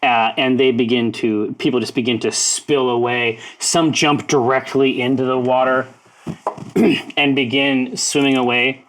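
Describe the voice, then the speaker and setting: A man narrating a tabletop game as game master, in halting speech full of fillers. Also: mid-range voice, level tone, a bit bright, poor audio. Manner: halting narration with many fillers, breaks into laughter.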